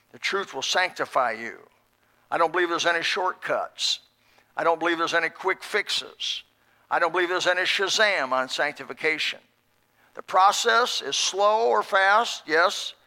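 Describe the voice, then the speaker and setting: A man's voice: high-pitched, bright, forceful tone. A middle-aged man preaching a sermon in a folksy, emphatic way, repeating key phrases.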